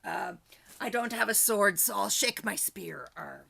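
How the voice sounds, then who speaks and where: Casting: woman improv host, bubbly, gravelly edge, bright tone. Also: mid-range voice, measured pace. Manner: chatty, bubbly and jokey. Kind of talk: hosting an online improv show.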